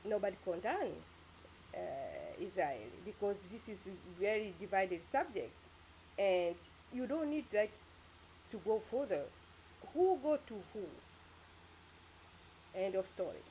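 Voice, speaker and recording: A woman's voice: mid-range voice, sing-song, a little slow, a little mellow, slight background noise. Rambling, emphatic woman vlogger. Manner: emphatic, rambling, with sound-effect words. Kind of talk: casual opinion monologue.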